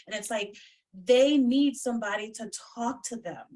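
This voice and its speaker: A woman's voice: fairly high pitch, moderate pace, a little mellow. A woman psychic medium chatting casually as a guest on a video call, blunt and swearing freely. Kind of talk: casual chat. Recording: distant from the mic.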